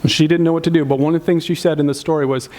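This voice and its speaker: A man's voice: on the high side, fairly even intonation, racing, darkish tone. A man preaching a sermon as pastor of a church, telling a story earnestly and often restarting his sentences.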